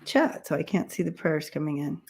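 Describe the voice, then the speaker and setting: A woman's voice: low voice, animated, brisk, darkish tone, husky. A woman hosting a casual livestream chat who rambles, with many fillers and restarts. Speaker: livestream host.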